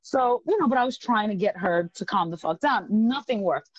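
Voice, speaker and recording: A woman guest on a podcast telling a wild story in casual chat, animated and profane, laughing often. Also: medium pitch, normal speed, dry recording, lo-fi sound.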